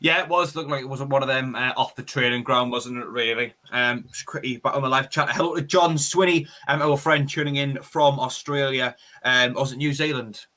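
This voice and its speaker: A young man co-hosting a fan stream, chatty and quick, reading out viewer messages and giving match opinions. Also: medium pitch, fairly even intonation, sharp tone. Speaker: co-host reading the live chat. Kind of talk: casual fan-stream chat.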